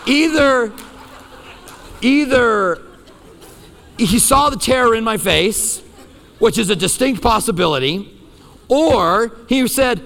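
A male pastor preaching a sermon, telling a personal story with lively, self-deprecating humor. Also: sits high, unhurried, pauses often, long reverb tail.

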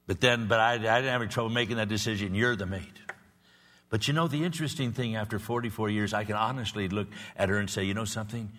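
A man's voice: fairly low pitch, fast, fairly bright tone. A man in his sixties preaching a sermon in an earnest, repetitive way, building to emphatic peaks. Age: 60s. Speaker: pastor. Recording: long reverb of a large hall.

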